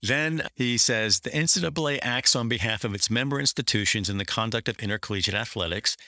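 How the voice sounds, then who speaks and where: Man, commentary host, sardonic, critical, quote-reading, bright tone, dry close sound. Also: medium pitch, fairly quick, dry recording. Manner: sardonic, critical, reads quotes with dramatic emphasis. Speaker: podcast host.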